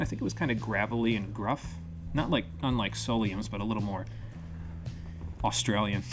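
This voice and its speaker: A man commentating his own gameplay on a live stream, chatty and offhand, thinking out loud and swearing now and then. His voice sits mid-range for a man but swings animatedly up and down. Faint music runs behind him. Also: medium pitch. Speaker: game streamer.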